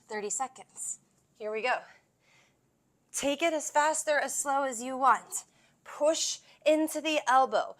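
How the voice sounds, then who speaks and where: A woman's voice: a little high, a bit bright. Encouraging woman leading a workout. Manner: encouraging, cues moves and counts reps. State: out of breath at times. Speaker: yoga and fitness instructor. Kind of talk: guided workout instruction.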